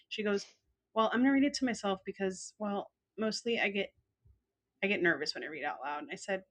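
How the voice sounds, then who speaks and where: A woman's voice: mid-range voice, fairly quick. Laughing woman podcast co-host. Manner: animated storyteller acting out quotes, laughs often. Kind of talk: casual storytelling chat.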